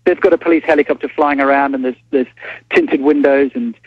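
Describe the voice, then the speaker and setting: Journalist guy phoning in, husky and lively, keeps restarting, dull phone-line sound. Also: medium pitch, dry recording. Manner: halting, many restarts, animated. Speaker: newspaper journalist guest. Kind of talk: phone-in interview.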